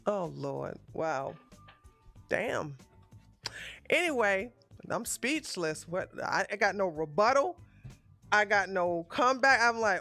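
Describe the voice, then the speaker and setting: A woman giving blunt, profane livestream commentary in a casual, animated way, close to the mic. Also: medium pitch, takes it slowly, creaky, pauses often, faint music behind. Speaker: commentary streamer.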